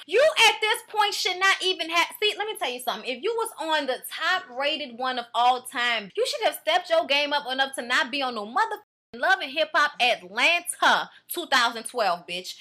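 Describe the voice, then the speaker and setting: A woman giving casual, profane commentary as a reality show reviewer, blunt and animated as she rants. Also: sits high, brisk.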